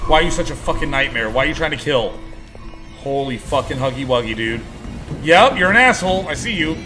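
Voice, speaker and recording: A man's voice: mid-range voice, expressive, brisk. A man streaming a horror game, swearing and reacting in panic, with game music playing behind him. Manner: panicked swearing, screams and repeated exclamations. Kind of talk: live horror game commentary.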